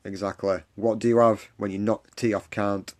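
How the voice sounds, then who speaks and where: Earnest low-voiced man. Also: level tone, moderate pace. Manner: earnest, repetitive pep talk, reads and answers comments. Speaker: live stream host for a support group. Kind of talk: encouraging livestream talk. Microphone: phone or webcam on a live stream.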